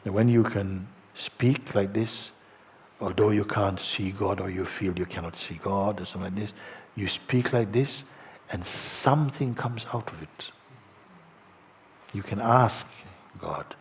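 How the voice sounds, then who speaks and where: Man, spiritual teacher, gentle, low voice, unhurried, faint background ambience. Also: fairly even intonation, a little hiss or hum. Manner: slow, gentle, soft-spoken with long pauses. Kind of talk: satsang talk, reading a letter aloud. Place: outdoor gathering with faint ambience.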